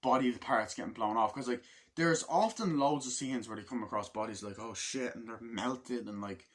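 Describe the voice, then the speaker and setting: A man's voice: mid-range voice, normal speed. A man casually reviewing a film in a rambling, filler-heavy way, swearing often and acting out lines from the movie.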